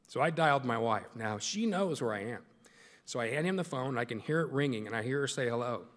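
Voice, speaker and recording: Talking fast in an expressive, slightly bright medium-pitched voice, a middle-aged male sportscaster entertains a club with a folksy, jokey guest speech. The large meeting hall adds a long, echoey reverb.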